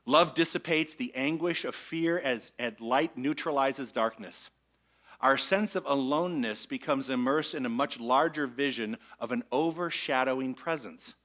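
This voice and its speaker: A man's voice: medium pitch, normal speed, fairly bright tone. A man minister giving a conversational sermon to a congregation, asking them to repeat lines with him. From Michigan. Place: church sanctuary with congregation.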